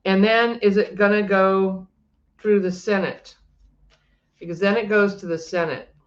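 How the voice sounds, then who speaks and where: An older woman, a psychic and energy healer, talking in a loud, chatty, rambling way from her home office, often breaking off mid-sentence. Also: mid-range voice, fairly even intonation, a little slow, highs cut off. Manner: chatty, rambling, self-interrupting; loud, emphatic. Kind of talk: casual unscripted monologue to camera.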